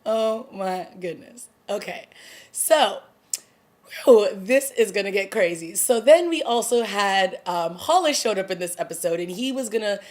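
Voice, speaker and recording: A woman vlogger casually recapping a TV drama episode, excited and gossipy, acting out the characters' lines. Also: mid-range voice, a little slow. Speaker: TV review vlogger. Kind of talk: casual chat.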